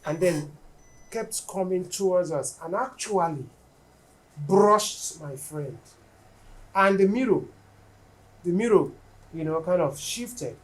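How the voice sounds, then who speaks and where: A woman's voice: on the low side, lively intonation, takes it slowly, long pauses. A woman, telling a personal story in a casual podcast chat.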